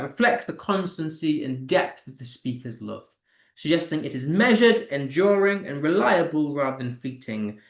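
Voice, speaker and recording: A man's voice: a little high, echoey room. A male English teacher giving an online poetry lesson, answering student comments and tapping out rhythms by stressing syllables. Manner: slow, stressed reading when tapping out poetic rhythm; talks to students reading comments aloud.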